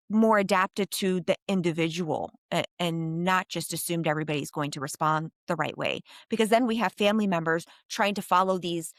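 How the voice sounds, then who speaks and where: A woman geropsychologist answering interview questions in a thoughtful, animated way, with frequent fillers. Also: medium pitch, no echo, clean studio sound. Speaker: geropsychologist guest.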